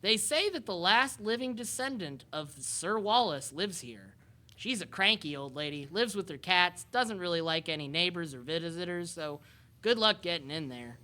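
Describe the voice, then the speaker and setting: Woman doing chatty goats, bright and a little low. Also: expressive, moderate pace. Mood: gossipy. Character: chatty grateful herd of goats.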